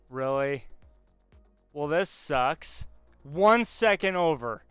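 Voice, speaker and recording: A man with a very smooth, crisp voice talks with his viewers in a slow, unhurried way, joking with the chat from his workshop. The sound is a little dull and dry, with faint music behind him. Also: on the high side, a bit bright, dry recording. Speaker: livestreamer talking to chat. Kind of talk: casual live-stream chat. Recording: slightly dull stream audio, faint music.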